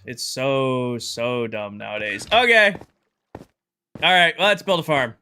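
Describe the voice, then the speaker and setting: Bright-voiced chatty male streamer. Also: medium pitch, lively intonation, a little slow, clean tone. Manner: chatty, thinks aloud and greets chat viewers. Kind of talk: casual live-stream chat while gaming.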